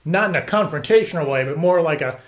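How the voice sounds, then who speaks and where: Man, prank caller, rambling, stammering, deadpan, slightly high voice. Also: fast. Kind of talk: prank phone call.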